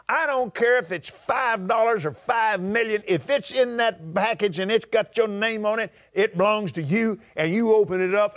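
A Texan man preaching a sermon in an emphatic, drawn-out way, joking and laughing at himself. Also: high-pitched.

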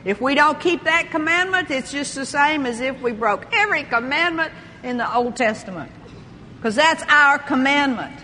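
An older woman with a drawl delivers a sermon in a high, bright voice, bubbling with laughter and cries of praise. Her words ring out with a long reverb, as if in a large hall. A faint ambient hum sits underneath. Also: normal speed. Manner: lively, laughs often, exclaims hallelujah. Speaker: preacher.

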